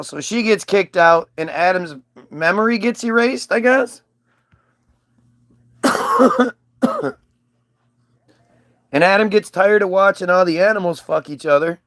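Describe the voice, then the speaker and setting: Male comedian, crude rambling storytelling, high voice, slow, dry close sound. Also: fairly bright tone, no room sound.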